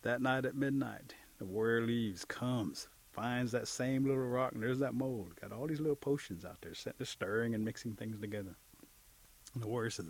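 Husky-voiced man telling a folk tale. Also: mid-range voice, fast talker. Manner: lively, acts out characters' voices. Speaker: storyteller. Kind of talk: oral storytelling.

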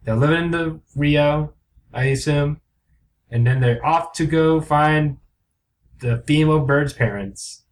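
A young man co-hosting a comedy podcast, chatting casually with sarcastic, deadpan asides. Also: a little high, unhurried. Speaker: podcast co-host.

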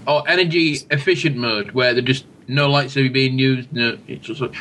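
A man's voice: medium pitch, normal speed, bright, forceful tone, slight background noise, poor audio. A man hosting a casual podcast, reading listener feedback with dry jokes. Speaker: podcast host.

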